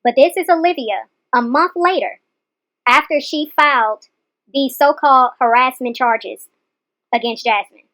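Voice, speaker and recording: A woman's voice: sits high, unhurried, sharp tone, low-quality recording. A woman hosting a reaction channel, explaining a clip in an indignant, critical tone. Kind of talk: commentary on a clip.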